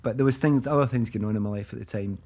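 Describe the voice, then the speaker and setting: A man in his fifties with a Glaswegian Scottish accent, a guest telling lively anecdotes in casual chat and laughing often. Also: medium pitch, very fast. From Scotland, east end of Glasgow. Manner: animated anecdotes, acts out quoted voices, laughs often. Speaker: guest, former footballer.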